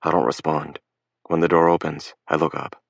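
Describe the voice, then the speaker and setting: Deep-voiced male narrator, measured first-person read, dry close recording. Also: fairly even intonation, vocal fry, no echo. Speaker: audiobook narrator.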